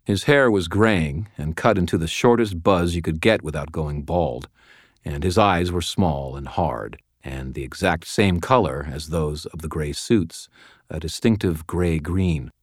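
Audiobook narrator, man, very low voice, dry close studio sound, even first-person storytelling. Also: unhurried, no room sound.

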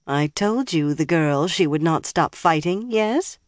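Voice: mid-range voice, lively intonation, unhurried, no room sound, natural voice. A narrator voicing a cruel, mocking woman sorceress who taunts her captives in oddly clipped phrasing, in a dry recording. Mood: gloating.

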